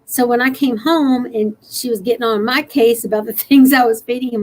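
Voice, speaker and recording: A woman's voice: a little high, fairly even intonation, fairly quick, hardly any pauses, a little mellow, poor audio. A woman from Texas hosting a motivational live-stream talk, earnest and encouraging, laughing easily, and tired after a long night. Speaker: show host.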